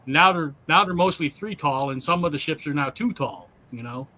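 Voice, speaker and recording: Bright-voiced man recalling navy days. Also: on the high side, normal speed, slight background noise, low-quality recording. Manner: reminisces, recites shipboard announcements. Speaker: Navy veteran co-host. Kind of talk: casual chat.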